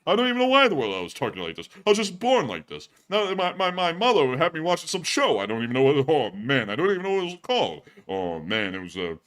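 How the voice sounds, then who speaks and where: A whiny, put-upon grown man who gripes that he never gets any respect, as a man puts on the voice. He sounds higher and louder than his usual self, with a bright, pinched and hammy edge, and he keeps leaning on the same catchphrase. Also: sing-song, quick pace, few pauses. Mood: griping comic.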